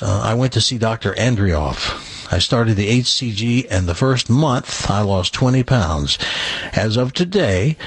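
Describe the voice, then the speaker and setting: A man from Tennessee hosting a radio talk show in a studio, chatty and folksy. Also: medium pitch.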